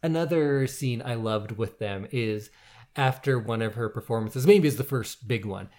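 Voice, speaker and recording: Man, casual film discussion, animated, thinks aloud, average pitch. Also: normal speed.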